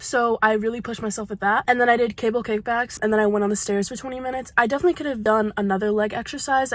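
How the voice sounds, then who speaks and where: A young woman vlogging to her phone camera in a chatty, rambling way, full of "like" and "I don't know". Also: medium pitch. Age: young adult. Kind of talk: casual vlog talk to camera.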